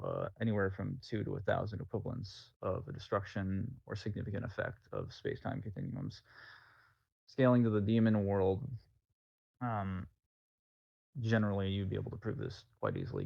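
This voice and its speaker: Gravelly man, low voice, quick technical debater on a muffled voice call. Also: darkish tone, no echo. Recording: dull, dry voice-call audio.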